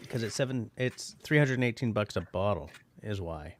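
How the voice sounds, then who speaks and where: A man with a fairly low voice hosts a relaxed livestream, chatting and rambling as he tastes whiskey. He talks in an easygoing, self-deprecating way. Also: normal speed, slight background noise. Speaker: livestream host. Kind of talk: casual chat while tasting whiskey.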